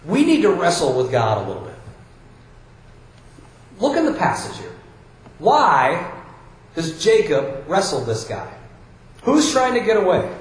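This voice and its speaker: A fairly high-voiced male preacher from Iowa delivers a sermon. He tells stories casually, with plenty of restarts, and reads scripture passages aloud. His voice rings through a strongly echoing hall. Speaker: pastor. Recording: very echoey hall.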